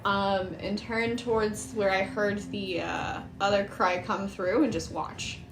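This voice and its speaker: A woman playing in a tabletop game, excitable and given to loud exclamations and swearing. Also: mid-range voice, a little slow, noisy background. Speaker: player. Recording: echoey room with loud music behind.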